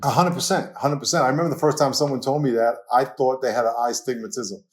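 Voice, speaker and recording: A man with a New York accent, a pastor talking as a guest in a casual interview, telling lively stories and laughing often. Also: medium pitch, fast talker. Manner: animated storytelling, laughs often.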